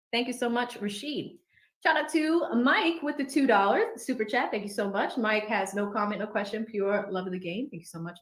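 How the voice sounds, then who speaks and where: A woman hosting a livestream in a casual, chatty and upbeat manner, reading out viewer super chats. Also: fairly high pitch. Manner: chatty, upbeat, quick asides. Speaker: livestream host. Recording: echoey room.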